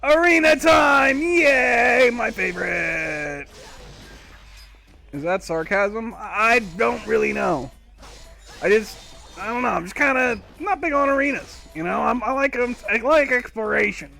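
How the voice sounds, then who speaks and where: Gravelly, rambling gameplay streamer man. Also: high voice, lively intonation, normal speed, bright, forceful tone, soft background music. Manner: rambling, self-talking, wry. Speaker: live streamer playing a video game. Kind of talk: casual gameplay commentary.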